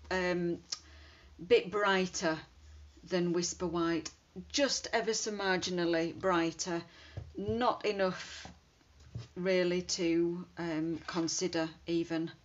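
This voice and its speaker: A woman chatting casually while demonstrating card making, thinking aloud as she works. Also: lowish voice. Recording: dull lo-fi sound with faint hiss.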